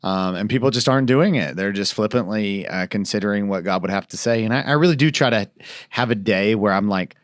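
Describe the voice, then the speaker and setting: A man's voice: on the low side, fairly quick, dry recording, studio quality. A male pastor chatting casually on a church podcast, rambling with frequent restarts.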